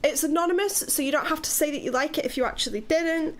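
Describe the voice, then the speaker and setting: A Welsh woman with a British accent chats casually on a live stream, speaking quickly in a high-pitched voice. She rambles, speaks frankly, and lets the odd swear word slip.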